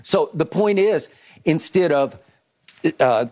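A man with a slightly high voice hosts a sports debate show at a slow pace. He's animated, recounting plays emphatically, play by play, and restarting often.

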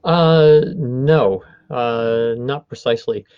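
A man's voice: mid-range voice, takes it slowly, clean tone, no room sound, highs cut off. A man who runs a voice studio, explaining his field in a conversational interview, often stopping to rephrase. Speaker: voice studio owner.

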